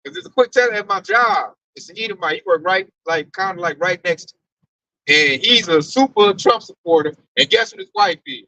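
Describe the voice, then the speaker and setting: A man in a casual religious group discussion, telling animated stories and swearing freely. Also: sits high, brisk, vocal fry, no room sound. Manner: animated storyteller, mimics coworker, swears freely. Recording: dull dry recording.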